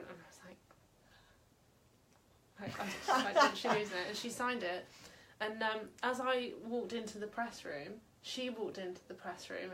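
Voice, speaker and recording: A woman interviewing a guest in a home, telling stories in a lively, self-mocking way. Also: mid-range voice. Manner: animated, self-mocking storyteller. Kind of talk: casual chat. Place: home living room.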